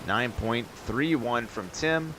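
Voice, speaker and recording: A man streaming and giving quick, upbeat live commentary on viewer runs in a game, calling scores and turn order. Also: medium pitch, noisy background. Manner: upbeat, quick hype calls with laughs.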